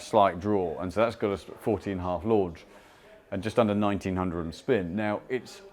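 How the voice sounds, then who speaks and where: A British man working as a club fitter, explaining launch and spin numbers to a customer in a measured way, with restarts and fillers. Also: lowish voice, darkish tone. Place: indoor golf fitting studio.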